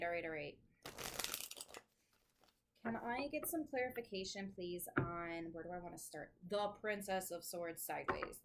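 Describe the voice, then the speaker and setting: A woman's voice: lowish voice, noisy background. A woman giving a casual tarot reading to camera, chatty and thinking aloud, with the odd swear, at home with her dogs nearby. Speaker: tarot reader.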